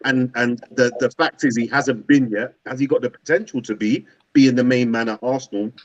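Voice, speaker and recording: A man, co-hosting a casual football fan chat, animated and slangy, often repeating his words. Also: mid-range voice, moderate pace, dull audio, slight background noise. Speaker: co-host of a football fan show.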